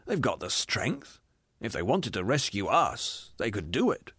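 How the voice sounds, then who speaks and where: A man's voice: lowish voice, huge pitch swings, unhurried, a bit bright, husky, no room sound, studio quality, pitched below the performer's own voice, exaggerated voice. A man voicing a bitter, cynical, hard-bitten male ghost who rants scornfully about being lied to. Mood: ranting. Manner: sneering, scornful, ranting complaints.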